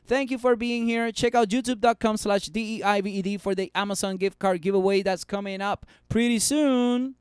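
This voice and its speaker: A man hosting a casual stock market livestream, reading chat comments in an excitable, joking way and dropping Spanish words into his English. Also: high-pitched, normal speed, hardly any pauses, clear, resonant tone. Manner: excitable, joking, swings between loud and muttered.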